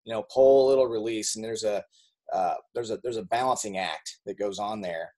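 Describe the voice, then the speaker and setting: A man's voice: on the low side, a little fast, mellow. A man leading a team call, talking in an upbeat, encouraging way with frequent restarts. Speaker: team leader hosting a group call. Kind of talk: casual motivational chat.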